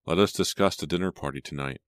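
A man's voice: low voice, fast talker, no echo, clean studio sound, lightly acted. A man narrating an audiobook voices a wealthy father and husband who speaks formally and with command. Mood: stern.

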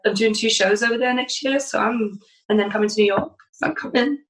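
Chatty woman, bright and high. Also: a little fast, rough recording. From England. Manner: chatty, laughs often, animated. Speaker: guest. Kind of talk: casual podcast chat.

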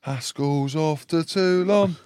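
A man's voice: fairly high pitch, slow, a little mellow, clear, resonant tone, no room sound, studio quality. Blunt man saying "mate" a lot. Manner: says "mate" constantly, blunt and cheeky. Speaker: podcast co-host. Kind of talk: casual banter.

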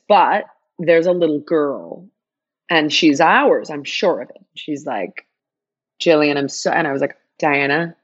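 Woman, guest storyteller, animated, acts out the dialogue, slightly low voice, lo-fi sound. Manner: animated, acts out quoted dialogue with big pitch jumps. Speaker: guest telling her story. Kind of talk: emotional personal storytelling.

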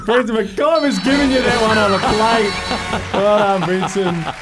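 A man's voice: sits high, slow, loud music behind the voice, over a noisy crowd. A man hosting a call-in radio quiz, upbeat and laughing often, calling everyone mate. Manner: upbeat, laughs a lot, calls people mate. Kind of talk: breezy morning radio banter.

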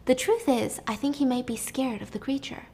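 A woman's voice: high voice, a little fast, dark tone. A woman voicing a scheming queen who talks down to everyone with taunting condescension. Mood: condescending.

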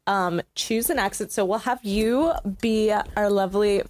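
A woman hosting a casual interview chat in a bubbly, excitable manner. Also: medium pitch, measured pace, dry recording. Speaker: podcast host.

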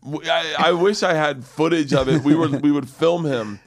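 A man in his forties from Florida, a guest comedian telling stories in an animated, profane, laughing way. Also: fairly high pitch, normal speed. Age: 40s. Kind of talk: casual podcast storytelling.

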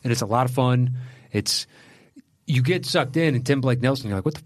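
A man with a mid-pitched voice talks through films on a podcast in an easygoing, conversational way, often apologizing as he goes. The recording is close and dry, with no room sound. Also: a little fast, no echo. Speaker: podcast co-host. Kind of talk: casual movie chat.

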